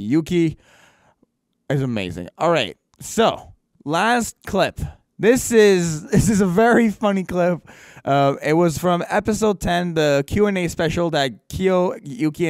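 Male podcast host, upbeat and effusive, clear slightly high voice, dry sound. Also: animated, measured pace, no echo. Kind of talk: casual podcast outro.

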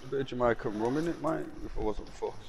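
A man's voice: mid-range voice, quick pace, vocal fry, darkish tone, slight background noise. A man chatting with friends while gaming, telling stories in a rambling, swearing way. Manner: rambling, swears, hesitant restarts. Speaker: gamer. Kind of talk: casual gaming chat.

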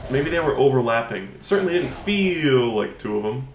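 A man giving live gameplay commentary as a streamer, frustrated, sarcastic and profane, often yelling at the game. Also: medium pitch, big pitch swings, a little fast, few pauses, roomy sound, slight background noise. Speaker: gaming streamer.

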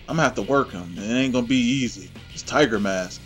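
A man hosting his own gameplay channel, giving excitable, trash-talking play-by-play commentary. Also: medium pitch, fast, hardly any pauses, soft background music.

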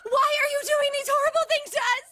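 A man voicing a frantic, terrified young woman in a shrill falsetto. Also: steady tone, fairly quick, sharp tone, soft background music. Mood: panicked screaming.

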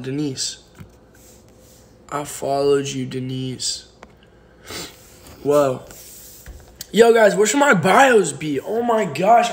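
A young man chats on a phone livestream from home, answering viewer comments with rambling jokes and playful teasing. His voice sits a bit higher than most men's. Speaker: livestream host. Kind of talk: casual livestream chat reading viewer comments. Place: home, indoors.

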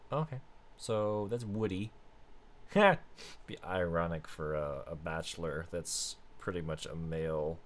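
A man hosting a casual let's-play, chatting through his game and now and then bursting into excited high squeals. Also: slight background noise. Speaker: gaming video host.

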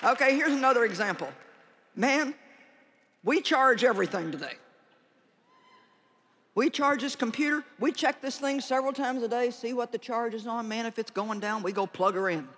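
A woman preaching a conference sermon in a large hall, animated and joking, and she calls out her key lines loudly. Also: a little high, normal speed, long pauses, a faint crowd, slight background noise.

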